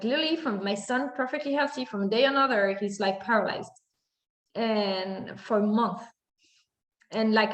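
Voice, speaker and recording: Animated woman telling a story, roomy echo. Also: a little high. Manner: animated, acts out her own reactions, many fillers. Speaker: spiritual content creator. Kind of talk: personal storytelling monologue. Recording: echoey room.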